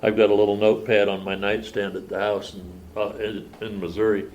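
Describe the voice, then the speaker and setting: A man's voice: on the low side, flat delivery, brisk, a little mellow, muffled recording. An older man telling his recovery story at a meeting, plain-spoken and folksy. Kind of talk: personal testimony at a meeting. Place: meeting room.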